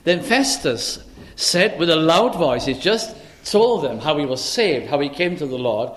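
A man preaching an expository sermon in a measured, earnest way, often pausing with "uh" as he works through a passage. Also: a little high, animated.

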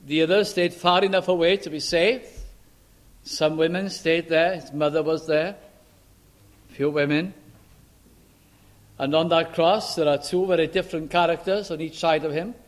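Guy preaching, high voice, slow and emphatic, lots of questions at the crowd. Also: steady tone. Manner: slow, emphatic scripture reading with rhetorical questions. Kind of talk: sermon.

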